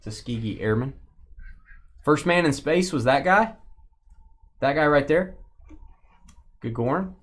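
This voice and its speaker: A man hosting a live sports card break, joking playfully and getting excited over the cards. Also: on the high side, measured pace, pauses often. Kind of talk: casual live stream chat.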